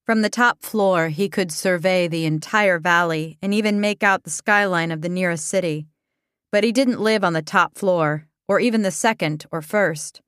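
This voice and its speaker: A woman reading a comic story aloud as narrator, in a deadpan way. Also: on the low side, normal speed, clean tone, no room sound, studio quality.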